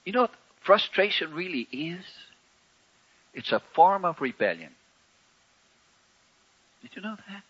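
Male preacher, folksy sermon, wry humor, bright forceful tone, muffled lo-fi recording. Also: high voice, sing-song, unhurried, pauses often, slightly rough. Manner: folksy and conversational, with wry humor and sharp swings in loudness.

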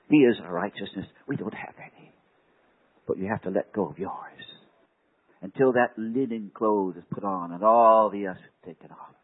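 A man preaching a sermon, telling a story with dramatic swings from hushed words to loud exclamations. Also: lowish voice, breathy edge. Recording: tinny phone-like recording.

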